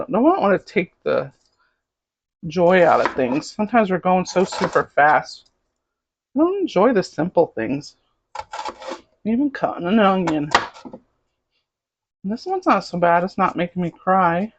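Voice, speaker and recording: Pots, pans and dishes clatter in the background as this middle-aged cooking show host chats to camera from her home kitchen. Her mid-range voice is very animated but unhurried, with frequent pauses, and the sound is lo-fi. She rambles casually while she works.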